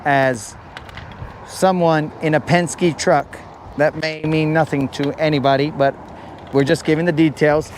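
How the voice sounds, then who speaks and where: Casual fishing streamer, male, high-pitched, unhurried, rambling jokes to his chat, faint outdoor noise behind. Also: steady tone. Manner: rambling, jokey, talks to chat as bros. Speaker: fishing livestream host. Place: outdoors by a riprap shoreline near a road.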